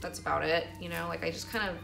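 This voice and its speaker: A woman's voice: lowish voice, steady tone, quick pace, vocal fry, music in the background. A woman vlogger telling a story in a rambling, profane way, filling her talk with "like.". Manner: rambling, profane, heavy use of "like". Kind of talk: casual storytelling monologue.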